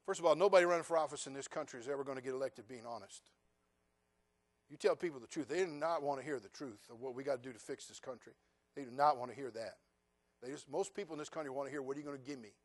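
A man preaching a sermon as pastor, peppering the congregation with questions and sarcastic asides, dropping to quiet remarks and then building to loud, driving passages. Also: medium pitch, quick pace.

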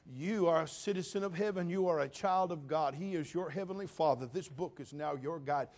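A man, preaching a sermon as pastor to his church, moving from quiet confiding talk to loud, emphatic preaching. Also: on the high side, fairly quick.

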